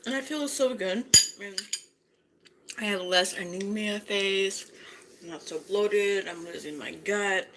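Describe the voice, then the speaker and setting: A woman's voice: medium pitch, a little slow, pauses often, background noise. A woman vlogger chatting casually as she eats breakfast at home, often humming "mm" between her words. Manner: chatty, savoring food aloud with frequent mm sounds. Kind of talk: casual chat while eating.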